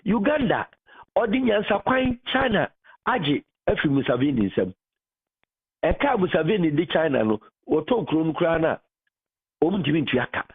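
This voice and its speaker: A man's voice: fairly high pitch, very animated, moderate pace, slightly rough. A Ghanaian man hosting a radio talk show, mixing Twi and English, building his points with rising emphasis. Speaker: radio host. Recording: phone-like radio broadcast audio.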